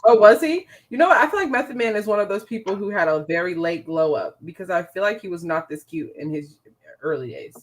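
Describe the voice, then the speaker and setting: Lively enthusiastic young woman. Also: fairly low pitch, fairly quick. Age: young adult. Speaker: podcast co-host. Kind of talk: casual banter.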